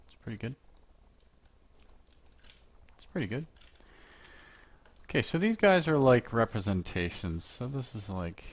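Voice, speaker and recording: This man's voice sits lowish as he walks through an informal software lesson at home. He keeps up a chatty, joking commentary while working, muttering to himself now and then.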